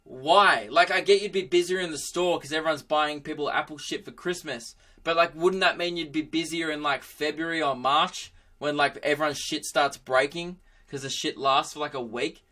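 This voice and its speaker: A man's voice: fairly high pitch, steady tone, normal speed, hardly any pauses, bright, forceful tone. A young Australian man hosting his own podcast, rambling through a sweary, self-mocking comic monologue. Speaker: comedian podcast host. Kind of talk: comedic monologue.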